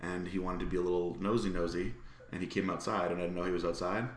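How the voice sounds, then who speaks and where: Young male co-host, deep gravelly voice, fast and crude, echoey room. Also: level tone. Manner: laid-back, crude, storytelling. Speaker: podcast co-host. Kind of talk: casual chat.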